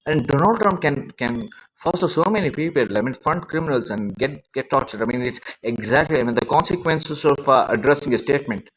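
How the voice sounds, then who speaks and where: A man's voice: medium pitch, lively intonation, fairly quick, lo-fi sound, a little hiss or hum. A man rambling in an unscripted live-stream monologue, agitated and emotional, repeating himself as he talks into a phone.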